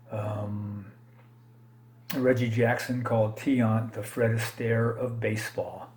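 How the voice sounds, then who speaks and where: Man, low mellow voice, slow unhurried delivery, casual rambling commentary, self-correcting, self-deprecating. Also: slight background noise. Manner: self-deprecating, laughs at own slips. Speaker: card collector vlogger.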